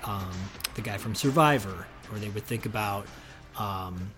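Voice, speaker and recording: A man's voice: on the low side, unhurried, over music. A middle-aged man co-hosting a podcast in casual chat, enthusiastic and rambling, laughing easily. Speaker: podcast co-host.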